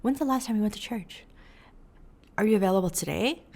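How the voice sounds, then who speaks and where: A woman voicing a pushy female church recruiter who fires off insistent, rapid questions. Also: mid-range voice, expressive, creaky, a little mellow. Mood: prying.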